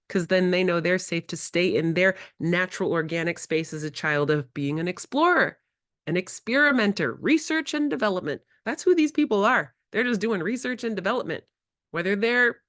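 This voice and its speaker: A woman presenting a workshop to educators, animated and acting out conversations with children. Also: fairly low pitch, no room sound, studio quality. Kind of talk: workshop lecture. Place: in-person workshop.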